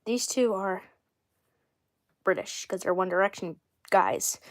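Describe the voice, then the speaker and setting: A young woman in her twenties chatting casually on a livestream about the dolls she voices, rambling, correcting herself and often clearing her throat. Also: medium pitch, animated, slow. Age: 20s. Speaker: doll series creator.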